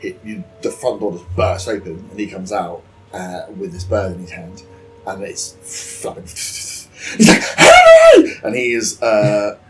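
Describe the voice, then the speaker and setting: A man's voice: low voice, steady tone, unhurried, over music, rough recording. A man narrating a tabletop game as game master, setting scenes casually and animatedly.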